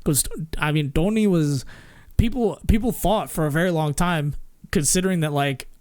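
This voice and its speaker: A man's voice: on the high side, moderate pace, a little mellow, clear, resonant tone, no room sound. A man streaming in a casual, rambling way, swearing freely and laughing often.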